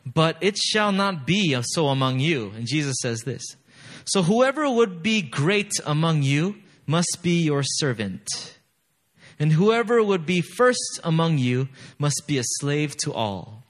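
A man's voice: fairly high pitch, big pitch swings, a little slow. A man preaching a sermon in a conversational way, reading scripture aloud with rising emphasis and using many fillers. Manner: frequent "you know" fillers. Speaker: pastor.

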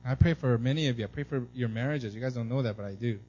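A thirtysomething pastor speaks fast in a medium-pitched, breathy-edged voice, recorded with dull audio. His sermon is conversational, filled with animated family stories, repeated "right?", and impressions of his son squealing with excitement.

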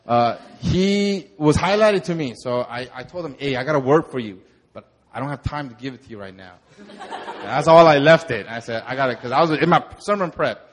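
A young man, a pastor, telling a lively sermon testimony and acting out the moments in his story. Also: mid-range voice, brisk. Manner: animated storytelling, acts out shouts.

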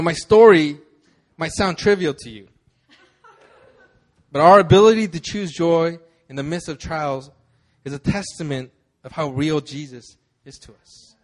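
A young man preaching a sermon, telling a personal story with many fillers and repeated words. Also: sits high. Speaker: pastor.

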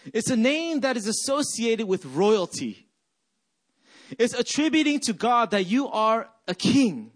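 A man preaching a sermon, reading scripture and then reflecting aloud with many rhetorical questions. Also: high voice. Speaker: pastor.

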